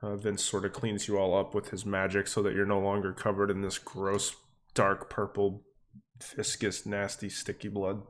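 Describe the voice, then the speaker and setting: A man narrating as game master for a tabletop game, relaxed and full of fillers. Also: lowish voice, moderate pace.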